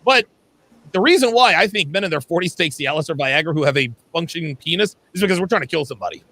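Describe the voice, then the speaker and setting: Excitable bright-voiced man hosting a livestream. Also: fairly high pitch, fast talker. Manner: loud, excitable, swearing freely. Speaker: livestream host reading super chats. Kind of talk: casual panel chat.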